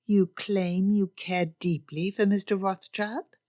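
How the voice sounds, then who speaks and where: A woman's voice: medium pitch, little pitch movement, slow, dark tone, no room sound, studio quality, voice pushed up, close to an everyday voice. A woman reading a witty, teasing young lady. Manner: playful and teasing.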